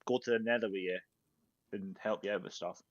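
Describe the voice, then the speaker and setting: A man's voice: lowish voice, fairly even intonation, fairly quick, a little hiss or hum. Rambling male gamer on dull voice chat. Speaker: fellow player on voice chat. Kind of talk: casual chat over a game.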